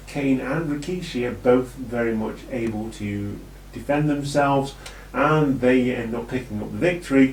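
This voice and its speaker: A British man chats through a wrestling recap in a loose, jokey ramble. He speaks slowly and sits back from the mic. His voice carries a roomy echo. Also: mid-range voice, a little mellow, slight background noise. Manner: rambling and jokey, with many ums. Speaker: wrestling show reviewer. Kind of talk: casual video review. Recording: echoey room, distant from the mic.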